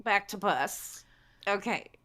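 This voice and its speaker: A woman's voice: medium pitch, expressive, takes it slowly, pushed and bright. A woman co-hosting a livestream, speaking casually and hesitantly, stammering and restarting.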